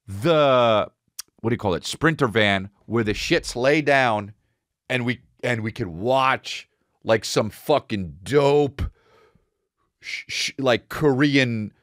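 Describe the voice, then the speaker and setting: A man hosting a podcast, telling a comic story in a loud, profane way and acting out each person's lines. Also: no echo, studio quality. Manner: animated and profane, acting out dialogue with big pitch jumps. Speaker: podcast host. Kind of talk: comedic storytelling monologue.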